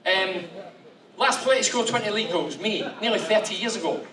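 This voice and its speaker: High-voiced man telling stories. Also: a little fast. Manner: animated, swearing storyteller. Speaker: guest speaker. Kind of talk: after-dinner anecdotes. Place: function room with audience. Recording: echoey hall, far mic, crowd.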